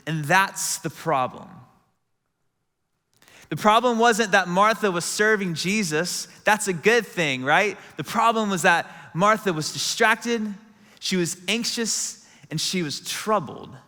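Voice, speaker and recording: Young male preacher, bright and high, chatty with fillers, in a large church auditorium. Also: slow. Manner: chatty, lots of "like" fillers, calls out to the room. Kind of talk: casual sermon. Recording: long reverb from a big hall.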